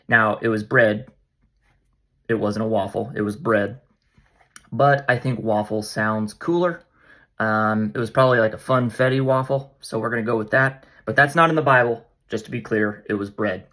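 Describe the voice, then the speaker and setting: Playful bright-voiced man. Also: on the low side, moderate pace. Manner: playful, jokey, slangy. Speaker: vlog host. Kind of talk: casual Bible study vlog.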